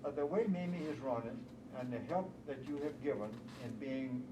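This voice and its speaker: An older man, a bridge organizer, telling animated anecdotes in casual chat, often chuckling. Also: medium pitch, moderate pace. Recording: echoey room heard from far off with noise.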